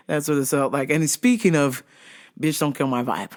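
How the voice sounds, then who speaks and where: A woman's voice: low voice, big pitch swings, normal speed, darkish tone. Woman host, casual storyteller, profane, laughs often. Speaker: vlog host.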